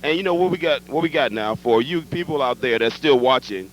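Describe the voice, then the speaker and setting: A man's voice: medium pitch, expressive, fairly quick, rough recording. A man hosting a live overnight telethon, going from guest to guest and teasing them, on an old TV recording. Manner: teasing, playful. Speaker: roving on-air host. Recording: old live TV tape with faint noise.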